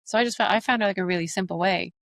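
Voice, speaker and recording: A woman with an Irish accent, an accent coach and actress, explaining her methods quickly and animatedly in an interview. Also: mid-range voice, gravelly, no echo. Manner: fast, animated, explains with examples.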